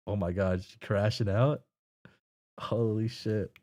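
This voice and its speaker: A man streaming his first read of a webcomic, reacting in quiet, amused, swearing asides. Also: lowish voice, steady tone, slow pace, long pauses.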